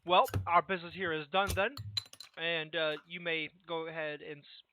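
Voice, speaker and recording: A man voicing a proud, gruff ship captain who guards his reputation, speaking stiffly and formally with rough folksy slips. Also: fairly high pitch, steady tone, moderate pace, a little hiss or hum, natural voice. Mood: stern. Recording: tinny, dry voice-call audio.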